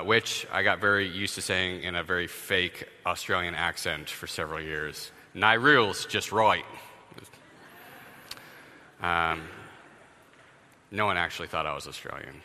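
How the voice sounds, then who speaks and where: A man's voice: low voice, sharp tone, big-room sound. A man preaching a sermon as pastor in a loose, conversational way, with wry asides and casual fillers.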